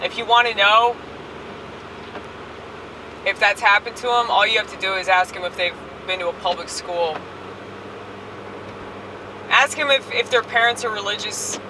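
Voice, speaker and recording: A woman's voice: medium pitch, moderate pace, pauses often, distant mic, noisy background. A woman ranting crudely while driving and filming herself on a phone. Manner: brash, profane, rambling. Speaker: online comedian. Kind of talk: casual driving vlog rant. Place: inside a moving car. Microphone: phone camera held while driving.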